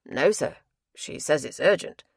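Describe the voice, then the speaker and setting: A woman's voice: low-pitched, animated, measured pace, vocal fry, slightly rough, no echo, studio quality, full character voice. A woman voicing a sheepish male footman who speaks hesitantly and deferentially.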